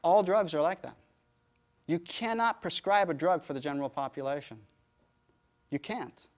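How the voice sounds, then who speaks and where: A man teaching yoga, answering audience questions with emphatic, rhetorical explanations. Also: on the high side. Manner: emphatic, rhetorical, animated storytelling.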